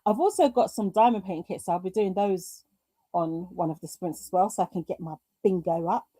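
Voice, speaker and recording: A woman's voice: on the low side, a little fast, dark tone, no echo. A British woman hosting a live craft stream, chatting casually, reading viewer comments aloud and talking to herself through technical hiccups. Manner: chatty, reads chat aloud, talks to herself through tech glitches.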